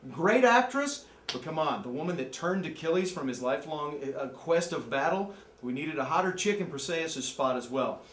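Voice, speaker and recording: Midwestern man ranting about movies for laughs, highish voice, roomy sound. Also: moderate pace, a little hiss or hum. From American Midwest. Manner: joking, excitable, jumps into mocking voices. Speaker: amateur movie critic. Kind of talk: comic movie review rant.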